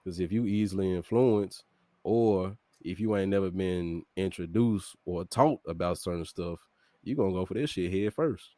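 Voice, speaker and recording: A man's voice: low voice, normal speed, mellow, dry recording. A man from Memphis with a Southern accent, a podcast guest talking emphatically and profanely in casual chat. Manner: emphatic, profane, calls people fool and bro.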